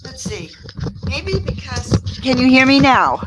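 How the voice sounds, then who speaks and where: A woman speaking at an online conference over a headset on a video call, excitable and a bit scattered. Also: high-pitched, measured pace, music in the background, rough recording. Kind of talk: casual online conference chat.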